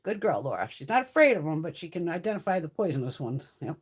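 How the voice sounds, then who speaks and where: A woman's voice: sits low, very animated, fast talker, slightly rough. A woman hosting a casual livestream chat, swearing freely and laughing through her stories. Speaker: livestream host.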